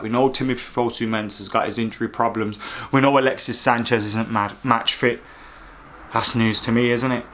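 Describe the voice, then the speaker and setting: Man, fan vlog host, ranting, sarcastic, mid-pitched voice. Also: fairly bright tone. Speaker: football fan vlogger host. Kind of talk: opinionated fan commentary.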